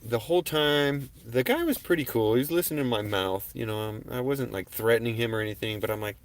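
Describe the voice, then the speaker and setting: Male livestream host, casual storyteller, swears freely, mid-pitched, voices the other people in his story. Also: fast talker, few pauses. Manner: profane, animated, acts out quoted exchanges loudly.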